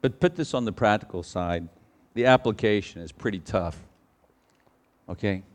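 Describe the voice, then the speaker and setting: A middle-aged pastor preaching a sermon, asking the congregation rhetorical questions and swinging from loud emphatic outbursts to quiet storytelling. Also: male voice, moderate pace. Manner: preaching with sudden loud high bursts, then quiet anecdotes.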